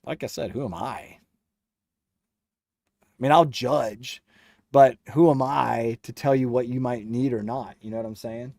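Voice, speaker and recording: Young male streamer, mellow dark tone, close dry mic, teasing and laid-back. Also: mid-range voice, measured pace, pauses often, no echo. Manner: joking, teasing viewers, laughs often. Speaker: livestream host reading chat. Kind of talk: casual livestream chat.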